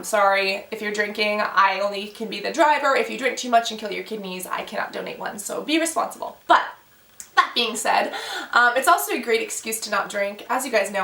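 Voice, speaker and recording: Young woman, casual storytime vlog, bright edgy voice, gravelly fry, echoey room a bit off mic. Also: on the high side, distant mic. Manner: animated storytelling, acting out quoted voices. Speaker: vlogger.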